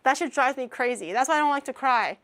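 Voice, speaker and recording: A young woman streamer from Canada talks casually in a slightly high voice. She rambles, breaks off mid-word to restart, and laughs at herself as she goes. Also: expressive, fast, fairly bright tone. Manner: rambling, with many restarts and fillers; giggly, self-deprecating. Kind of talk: casual chat.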